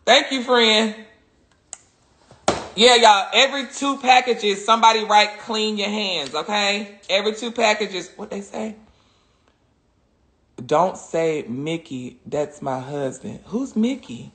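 A woman's voice: medium pitch, takes it slowly, pauses often, a bit bright, echoey room. A woman chatting crudely and laughing a lot on a phone livestream. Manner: crude, joking, laughs often. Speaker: social media personality. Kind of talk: casual livestream chat.

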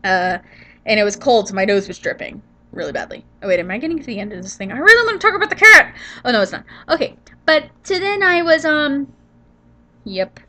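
A woman's voice: medium pitch, expressive, brisk, fairly bright tone. A woman giving a casual gameplay voiceover, tired and sniffly from allergies, rambling, yawning and trailing off. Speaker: gaming channel host.

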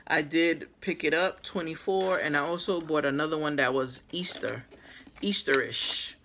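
A woman's voice: low-pitched, fairly bright tone, a little hiss or hum. A woman who is losing her voice, chatting casually with her viewers in an unboxing vlog, filmed on a camera on a small tripod. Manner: chatty, addresses viewers as guys. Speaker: vlogger.

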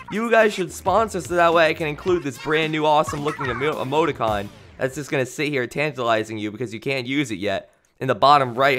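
A young man streaming a video game, talking in an excitable, jokey, rambling way with many restarts. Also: a little high. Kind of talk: live stream commentary.

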